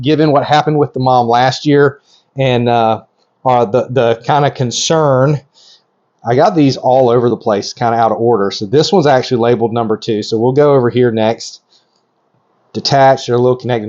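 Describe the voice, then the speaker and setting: A middle-aged man narrating a hands-on video as a reptile breeder, excited and gushing, rambling with lots of ums. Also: medium pitch, dull audio.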